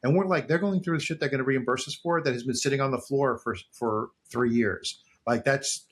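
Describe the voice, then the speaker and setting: A man's voice: mid-range voice, brisk. A man co-hosting a podcast, talking casually and bluntly, with plenty of swearing. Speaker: podcast co-host. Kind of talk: casual chat.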